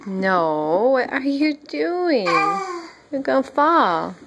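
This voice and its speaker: A mother in a noisy home video, coaxing her baby to talk in a sing-song baby-talk voice and gently scolding him at home. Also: sits high, very animated, very slow, highs cut off.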